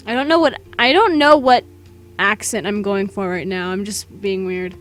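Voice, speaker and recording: A woman's voice: medium pitch, normal speed, a bit bright, faint music behind. A woman reading through a visual novel with goofy, joking casual commentary and the odd swear.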